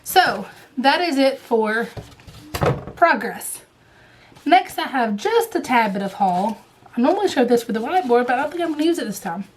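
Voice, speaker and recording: A woman with a Southern US accent, chatting casually and rambling as she shows off embroidery threads, now and then dropping to a soft murmur. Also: fairly high pitch, expressive, moderate pace, slight background noise. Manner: rambling, chatty, drifts to hushed murmurs while showing threads. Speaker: cross-stitch vlogger. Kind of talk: casual chat.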